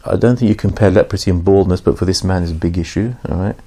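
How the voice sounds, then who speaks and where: A low-pitched, mellow male voice belongs to an Islamic teacher who talks fast through an informal religious lesson. He tells stories in a chatty way, lifting his voice to perform the dialogue.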